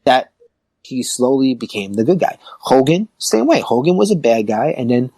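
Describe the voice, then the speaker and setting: A male podcast host in easygoing chat, emphatic and animated as he talks. His mid-range voice sits dry and close to the mic. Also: medium pitch, moderate pace, husky, no room sound, poor audio. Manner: animated, emphatic, rising to excited peaks. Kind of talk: casual chat.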